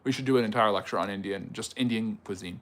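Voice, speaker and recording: A man hosting a livestream history lecture, answering chat questions in a conversational way with fillers and quick rebuttals. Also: on the low side, fairly bright tone.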